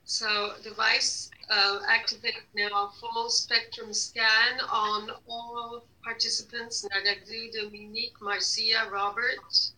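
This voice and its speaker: A woman leading a guided energy healing session, giving slow repeated commands to an unseen device with many hesitations. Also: fairly high pitch, level tone, bright, forceful tone, rough recording.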